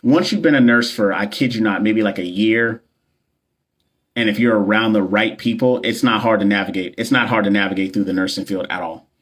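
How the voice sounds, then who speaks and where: On a phone livestream, a man who works as a nurse and coach chats casually with viewers in a lowish, slightly fast voice. His talk is loose and slangy, packed with jokes, fillers and repeats.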